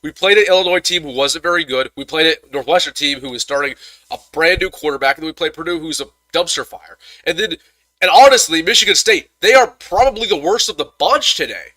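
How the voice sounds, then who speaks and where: A young man hosts a live football reaction stream, venting in a frustrated rant full of stammered restarts. His voice sits a touch high and sounds sharp and forceful. The sound is close and dry, with no room around it. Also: a little fast, no echo. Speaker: sports commentator host.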